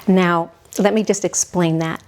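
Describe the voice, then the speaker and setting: A woman in her sixties, a podcast guest, telling her own story in a halting, heartfelt way that often drops toward a whisper. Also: lowish voice. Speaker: podcast guest, mother of the hosts. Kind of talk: reflective personal storytelling.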